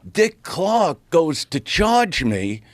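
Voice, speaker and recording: A middle-aged man, a comedian telling a story as a podcast guest in a brash, profane, animated way, acting out what people said. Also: a little high, extremely slow, no echo. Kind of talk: casual storytelling.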